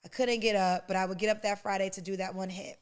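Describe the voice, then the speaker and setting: A woman's voice: mid-range voice, fairly even intonation, fast, clear, resonant tone. A woman in her forties, a podcast host, giving an emotional, preacher-like personal testimony and calling the listener honey and baby. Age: 40s.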